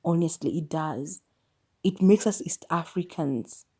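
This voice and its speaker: A woman's voice: deep voice, a little slow, dark tone, breathy edge. A Kenyan woman hosting a solo podcast, sharing her opinions in a candid, musing way. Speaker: podcast host.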